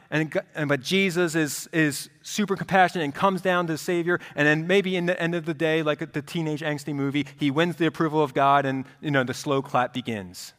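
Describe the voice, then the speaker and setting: A man preaching a sermon as pastor, in a conversational, animated style. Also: on the high side, brisk, hardly any pauses. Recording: reverberant hall.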